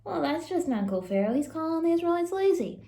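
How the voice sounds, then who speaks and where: A woman's voice: extremely high pitch, very animated, fairly quick, mellow. Chatty woman in an echoey room. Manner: chatty, with playful asides. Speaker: church leader reading scripture. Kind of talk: casual Bible story lesson. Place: church building.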